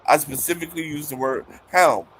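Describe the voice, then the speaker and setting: A hoarse, tired man on a live online debate panel, speaking haltingly and repeating his words. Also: fairly high pitch. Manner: halting, repeats words, cuts in to keep order.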